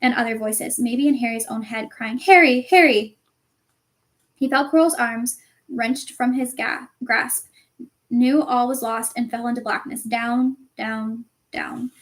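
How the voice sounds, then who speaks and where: A woman reading a novel aloud as narrator, with expressive, dramatic storytelling. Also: fairly high pitch, measured pace. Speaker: audiobook reader.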